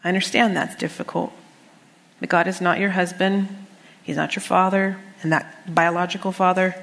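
A middle-aged woman teaching a women's Bible study, preaching in a lively, conversational way with humor and quoted scripture. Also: on the low side, moderate pace, creaky. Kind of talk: sermon. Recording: long hall reverb.

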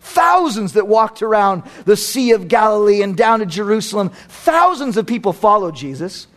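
A man's voice: high voice, sing-song, moderate pace, a bit bright. A man preaching a sermon as a pastor, emphatic and fond of repeating phrases for effect.

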